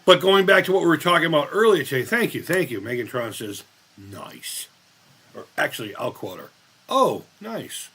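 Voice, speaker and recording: Fifties guy hosting a live chat, rambles and swears a lot, voice swings all over, bright tone. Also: on the high side, expressive, fast talker, few pauses, faint music behind. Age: 50s. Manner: rambling, profane and blunt. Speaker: live-stream host reading chat. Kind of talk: casual live-stream chat.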